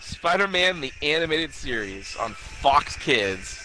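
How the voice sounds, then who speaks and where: Brief: easygoing man co-host, bright timbre, animated pitch, casual swearing. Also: slow pace, slight background noise, poor audio. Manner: relaxed, swearing, calls friend "buddy". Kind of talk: casual chat.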